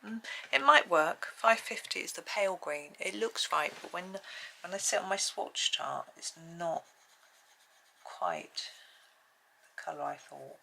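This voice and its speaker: Low gravelly woman, chatty. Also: animated, unhurried, pushed and bright, a little hiss or hum. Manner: chatty, thinking aloud while working. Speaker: colouring channel host. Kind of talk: casual colouring tutorial narration. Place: at home.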